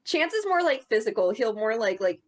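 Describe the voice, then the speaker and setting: A woman's voice: on the high side, sing-song, brisk. A woman co-hosting a podcast in casual chat, rambling with lots of filler words. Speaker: podcast co-host.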